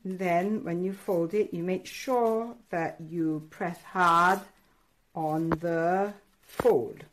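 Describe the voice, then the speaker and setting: A woman art teacher walking children through a craft lesson step by step, encouraging and excitable, pausing often with fillers. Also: fairly low pitch. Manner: encouraging, hesitant with many fillers; addresses children directly, excitable.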